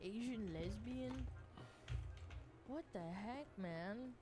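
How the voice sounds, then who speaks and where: A woman streamer giving excitable livestream reaction commentary, laughing often and swearing freely. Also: on the high side, extremely slow, over music.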